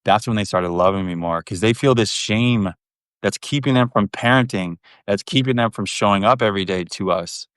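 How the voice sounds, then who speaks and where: A man's voice: lowish voice, normal speed, fairly bright tone, smooth, no echo, studio quality. A man in his thirties talking candidly as a podcast guest, frank and rambling, with plenty of swearing. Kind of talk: candid casual conversation.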